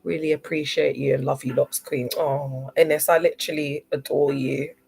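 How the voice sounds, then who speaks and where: Emotional, halting woman on a livestream. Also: sits low, steady tone, gravelly, a little mellow, breathy edge. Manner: emotional, halting, repeats herself. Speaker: live stream host.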